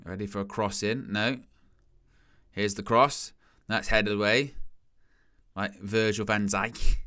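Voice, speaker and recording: A man's voice: lowish voice, steady tone, slow pace, sharp tone. A man hosting a live football watchalong, joking, laughing often and reading out the chat. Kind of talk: live match watchalong commentary.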